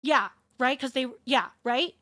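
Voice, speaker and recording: A woman's voice: high voice, measured pace, bright, forceful tone, no echo. A young woman streamer in casual chat, rambling, swearing and restarting her sentences.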